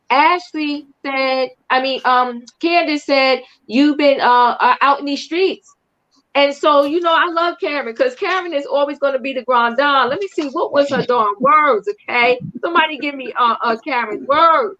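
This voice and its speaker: Older woman, recap show host, sassy, high voice, dull lo-fi stream sound. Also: normal speed. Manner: animated, sassy, repeats "okay?". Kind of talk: live-stream reality TV recap. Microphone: online live stream. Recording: muffled lo-fi stream audio.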